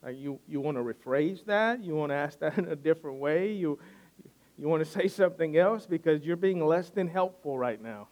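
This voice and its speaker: Earnest male preacher, slightly high voice. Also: expressive, normal speed, a little mellow. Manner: earnest, repeats phrases for emphasis. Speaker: pastor. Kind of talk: sermon.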